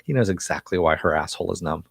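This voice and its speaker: A man's voice: sits low, fast, creaky, breathy edge, no echo, studio quality. A man casually recapping a TV episode for viewers, rambling with frequent fillers and chuckles. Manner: reads viewer chat aloud. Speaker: TV episode reviewer.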